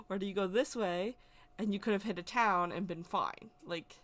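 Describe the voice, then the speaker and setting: A woman's voice: fairly low pitch, lively intonation, fairly quick, fairly bright tone. A woman telling a personal story in a casual, emotional, rambling way, often repeating herself. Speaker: spiritual vlogger.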